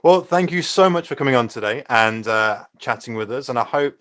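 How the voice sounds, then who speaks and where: A man hosting an interview, asking questions in a relaxed way with some hesitations and fillers. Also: medium pitch, a little fast. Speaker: interview host. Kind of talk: casual interview chat.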